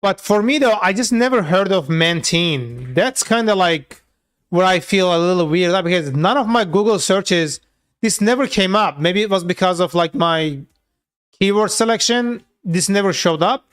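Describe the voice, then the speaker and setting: A man's voice: sits high, expressive, normal speed, fairly bright tone, clear, resonant tone. A man talking loosely through a live coding session, with many filler words and casual swearing. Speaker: software developer streaming his coding work.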